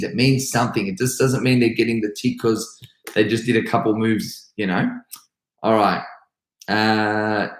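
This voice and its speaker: A man's voice: mid-range voice, roomy sound, low-quality recording. An Australian man, a karate instructor hosting a live stream, answering viewers' comments in an upbeat, chatty way full of restarts.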